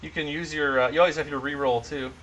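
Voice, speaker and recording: Bright-voiced, rambling male game master. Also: a little high, steady tone, quick pace, muffled recording, a little hiss or hum. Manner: rambling, filler-heavy narration. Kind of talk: narrating a tabletop game.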